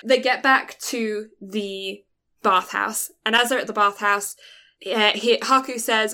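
A woman co-hosting a casual podcast, retelling a film's plot in an animated way with quick quoted voices. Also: on the high side. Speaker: podcast co-host. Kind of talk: casual film recap chat.

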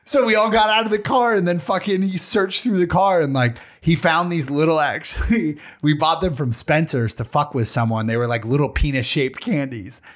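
A man's voice: on the high side, normal speed, hardly any pauses, a bit bright. A young man in casual chat who swears freely and laughs along while telling a story.

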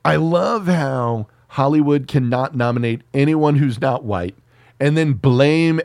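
A man's voice: medium pitch, measured pace, vocal fry, a little mellow, no room sound. Male podcast co-host, sarcastic and profane, laughs easily, dry studio sound. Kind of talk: casual chat.

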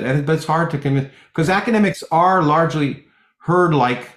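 A man's voice: fairly high pitch, fairly quick. Echoey rambling man telling anecdotes. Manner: rambling with many restarts, animated when telling jokes. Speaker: guest, theoretical physicist. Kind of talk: conversational interview, anecdotal storytelling.

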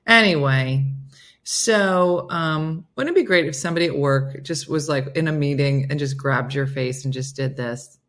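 A woman's voice: low-pitched, moderate pace. A woman hosting a casual morning livestream, chatting playfully with viewers and her dog. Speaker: livestream host. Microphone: phone.

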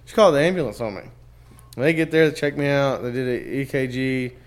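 A man's voice: mid-range voice, fast. A young man in casual chat, telling long stories with plenty of swearing and filler words. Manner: profane, rambling storyteller.

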